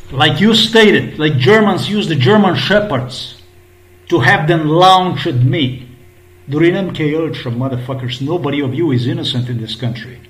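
Profane sarcastic man ranting in echo. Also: on the high side. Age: 50s. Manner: profane, mocking, repetitive. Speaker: vlogger translating an interview clip. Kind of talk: angry sarcastic rant. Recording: echoey room.

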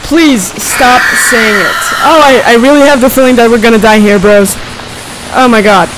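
A woman's voice: fairly high pitch, moderate pace, background noise. A young woman playing a horror game, panicking, screaming and giggling nervously as she talks. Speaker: gamer. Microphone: desk microphone.

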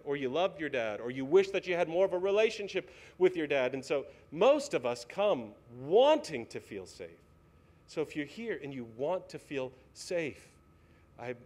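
A male pastor preaching a sermon in a church, earnest and pleading, asking the congregation many questions. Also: on the high side. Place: church sanctuary.

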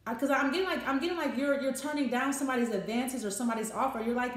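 A tarot reader speaks rapid-fire with few pauses, her voice sitting high. Working casually, she thinks aloud and performs short quoted voices, in an echoey room with faint noise behind her.

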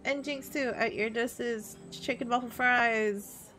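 A woman's voice: on the high side, steady tone, slow pace, bright, forceful tone. A young woman streamer chatting casually with her chat while playing, laughing often. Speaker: VTuber streamer.

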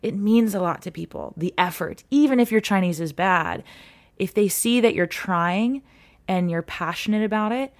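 A woman guest on a podcast interview, telling stories in an earnest, animated way and laughing often. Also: medium pitch, moderate pace. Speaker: guest, content creator.

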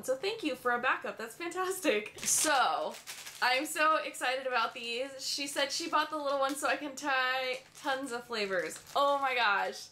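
A gushing woman from the USA, with a high, bright voice, unboxes gifts at home with frequent gasps and exclamations. The recording has a faint background hiss. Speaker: beauty vlogger. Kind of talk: excited unboxing chat. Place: home room with her dog nearby.

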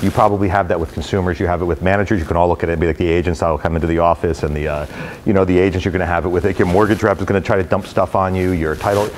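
A middle-aged man tells stories to a room of brokers in an energetic, rambling way, full of fillers. His voice sits very low and he talks fast. A faint hiss runs under the talk. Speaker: real estate executive speaking to brokers. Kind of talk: casual talk to a live audience. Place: company headquarters event space.

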